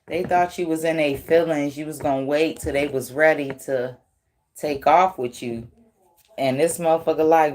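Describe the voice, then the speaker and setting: A woman's voice: low voice, steady tone, moderate pace, a little mellow. A woman doing a tarot reading in casual, blunt, profane talk, teasing and laughing often. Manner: slangy, teasing. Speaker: tarot reader.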